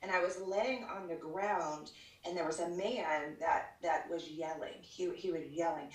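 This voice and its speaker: A woman's voice: fairly low pitch, steady tone, moderate pace. A woman guest on a live church show, telling her life testimony in an earnest, storytelling way with fillers and restarts. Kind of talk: casual spoken testimony. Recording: roomy sound from a distance over a call.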